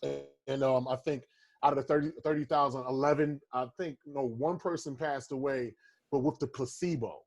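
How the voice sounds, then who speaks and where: A man co-hosting a casual podcast, laid-back and quick to laugh. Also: mid-range voice, fairly even intonation. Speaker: podcast co-host. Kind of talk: casual chat.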